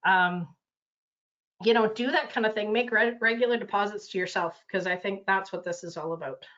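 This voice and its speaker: A woman's voice: medium pitch, moderate pace, a bit bright, highs cut off. A woman coach, talking casually on a video call and acting out quotes, with lots of fillers. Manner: chatty, loose, full of fillers, acts out quotes. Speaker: consultant and coach. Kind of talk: casual webinar talk.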